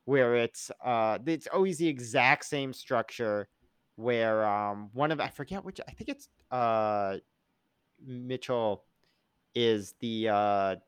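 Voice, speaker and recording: A man co-hosting a casual podcast, rambling and joking, often slipping into loud comic impressions. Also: mid-range voice, slow, smooth, dry recording. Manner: rambling, jokey, slips into loud comic voices. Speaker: podcast co-host. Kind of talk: casual chat reviewing a TV show.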